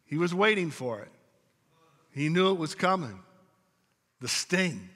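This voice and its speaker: Male pastor, slightly high, bright voice, preaching to a congregation in a church hall with long reverb. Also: sing-song, a little slow. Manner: storytelling preacher, speaking to a congregation. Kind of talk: sermon. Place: church sanctuary.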